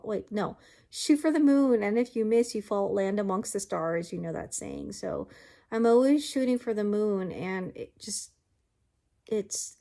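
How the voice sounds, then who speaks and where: A woman's voice: mid-range voice, darkish tone. A woman talking casually to camera in a vlog, tired and achy, earnest and upbeat in a chatty way. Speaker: vlogger.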